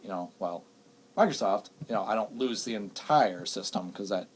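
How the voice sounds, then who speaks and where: A man's voice: lowish voice, normal speed, breathy edge. A young man co-hosting a small radio show, telling stories animatedly and laughing often. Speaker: radio co-host. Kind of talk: casual radio banter.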